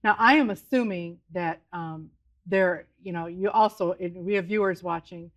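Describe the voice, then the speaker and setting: A woman hosting a TV interview, prompting her guest with gentle questions. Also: on the low side, normal speed. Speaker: TV show host.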